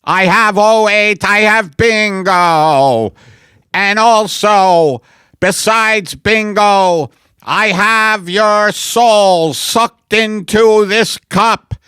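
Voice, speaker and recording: A man voicing an Italian-accented male alien with a slow, theatrical delivery. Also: bright, forceful tone, smooth, dry recording, clean studio sound, exaggerated voice. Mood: gloating. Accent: put-on Italian. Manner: high, drawn-out, theatrical delivery. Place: podcast studio.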